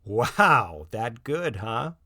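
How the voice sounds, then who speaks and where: A man's voice: medium pitch, sing-song, drawn-out words, pushed and bright, no room sound, clean studio sound, full character voice. A man voicing a cheerful, teasing suburban father who works in animation. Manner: playful, teasing.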